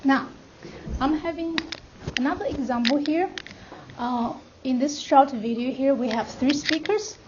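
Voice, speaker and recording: A woman's voice: high voice, a little slow. A woman from China with a Chinese accent, giving a classroom lecture as a language instructor, patiently checking that students follow. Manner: explains patiently, checks understanding with "right?". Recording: muffled classroom recording with background noise.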